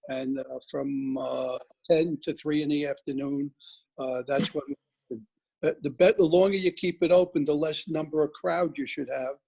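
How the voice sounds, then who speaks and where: Man, monotone, hesitant director speaking over a video call. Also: a little high, moderate pace, creaky, breathy edge, low-quality recording. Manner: hesitant, many uh fillers. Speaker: board director. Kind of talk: online board meeting.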